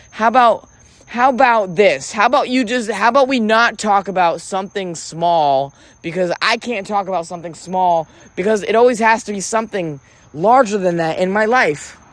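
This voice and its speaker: A man's voice: high-pitched, normal speed, a bit bright, no room sound. A man delivering a rambling comic monologue, theatrical and profane, often breaking off and restarting. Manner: theatrical, profane, self-interrupting. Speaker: vlogger.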